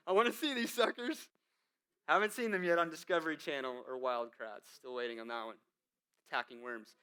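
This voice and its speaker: Bright, crisp-voiced male pastor preaching. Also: medium pitch. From United States. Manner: conversational preaching with asides, "man" and "right?"; swings from hushed to emphatic. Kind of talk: sermon.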